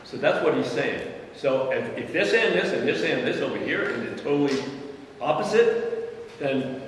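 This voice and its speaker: A man's voice: medium pitch, animated, normal speed. A man in the audience chiming in assertively during a public talk. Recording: echoey hall, far from mic, faint room noise.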